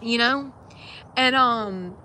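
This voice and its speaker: A woman's voice: fairly high pitch, very slow, sharp tone. Earnest woman, rambling faith talk; noisy outdoor livestream with passing traffic. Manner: earnest, rambling, many fillers and restarts.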